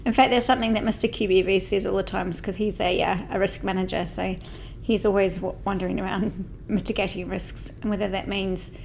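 A woman's voice: mid-range voice, steady tone, a little fast, vocal fry, few pauses, darkish tone, a little hiss or hum. A woman co-hosting a podcast in casual chat. She is chatty and self-mocking, and she laughs often while in neck and shoulder pain. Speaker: podcast co-host.

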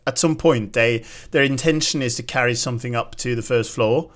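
A man's voice: medium pitch, a little fast, a bit bright. A man co-hosting a podcast in casual chat, teasing his co-host and giggling.

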